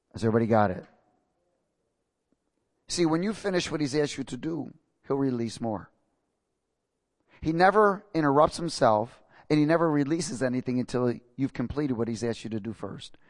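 A man preaching a sermon with emphatic, rising and falling delivery, questioning his congregation and reading scripture slowly with stress. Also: medium pitch, no echo, studio quality.

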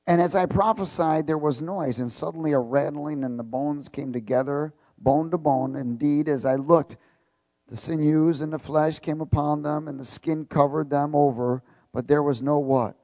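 A man's voice: on the high side, fairly even intonation, moderate pace, dark tone, no room sound. A male preacher reading scripture aloud in a sermon, stopping often to quiz the congregation and repeating key words with emphasis. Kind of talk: sermon with call-and-response.

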